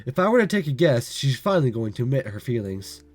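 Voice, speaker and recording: A man's voice: medium pitch, very animated, quick pace, no echo, faint music behind. A man with a cold, playing through a visual novel and making sarcastic asides. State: has a cold. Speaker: let's-play gamer. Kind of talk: casual game commentary.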